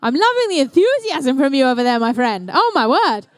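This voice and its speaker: High-voiced playful New woman commentator. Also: sing-song, fairly quick, no room sound, a faint crowd. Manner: playful, chatty, upbeat. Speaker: event commentator. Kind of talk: live competition commentary. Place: indoor competition venue.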